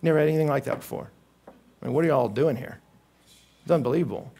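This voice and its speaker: Here a man delivers a sermon before a live crowd, speaking fast in a slightly rough voice. His storytelling is animated, and he gives the people in his stories their own voices with big leaps in pitch.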